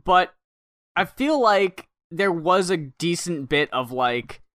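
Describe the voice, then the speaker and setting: Woman podcast guest, blunt and frank, lively pitch, dry close sound. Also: slow, no echo. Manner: blunt, frank opinions with swearing. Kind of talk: casual conversation.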